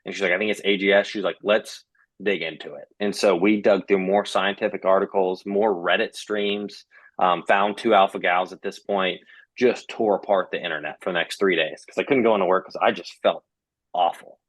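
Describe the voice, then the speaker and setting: With a deep voice and fairly even intonation, a young male guest recounts a personal story at normal speed, using lots of fillers and quoted back-and-forth. The recording is dry.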